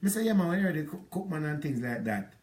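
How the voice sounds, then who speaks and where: A man's voice: a little high, very animated, quick pace, a little mellow. Aggrieved man with a Jamaican accent. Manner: rambling, aggrieved, patois-inflected storytelling. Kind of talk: monologue recounting a past relationship.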